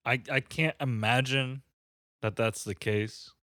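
A man's voice: medium pitch, steady tone, takes it slowly, bright, forceful tone, no room sound. A man in casual movie chat, making dry, profane asides.

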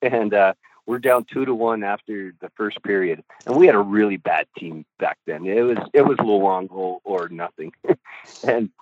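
A man's voice: on the low side, a little slow, no echo. Man, middle-aged, goalie coach, rambling podcast anecdotes, swears casually, dry tinny sound. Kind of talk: podcast storytelling. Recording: tinny phone-like line, dry.

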